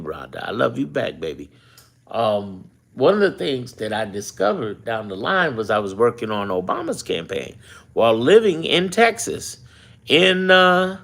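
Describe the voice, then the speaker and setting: A man hosts a casual live stream, talking straight to his viewers in the chat. His voice is gravelly, with a touch of fry. His pitch swings widely as he tells his stories. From Chicago. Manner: animated storytelling, chatting with his live chat. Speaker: political livestream host.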